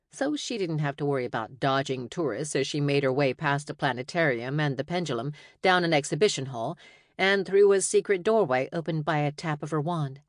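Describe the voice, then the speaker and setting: Woman audiobook narrator, low voice, dry close sound, measured reading. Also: dry recording. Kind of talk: scripted narration.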